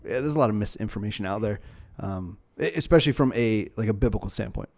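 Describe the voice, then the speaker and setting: A man's voice: on the low side, fast, a little mellow. Male podcast co-host, casual rambling delivery, full of ums and self-corrections. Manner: rambling, many fillers and restarts. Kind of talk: casual chat.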